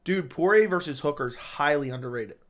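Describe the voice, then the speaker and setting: Guy doing a casual livestream, kinda high voice, jokes around with chat. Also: expressive, brisk. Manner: chatty, jokey, answers chat questions. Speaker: livestream host. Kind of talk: casual livestream chat reading viewer questions.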